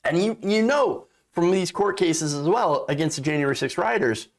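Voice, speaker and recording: Male political commentator, sarcastic and indignant, pitch jumps a lot, fairly high voice. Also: expressive, moderate pace, hardly any pauses. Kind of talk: opinion commentary reading news.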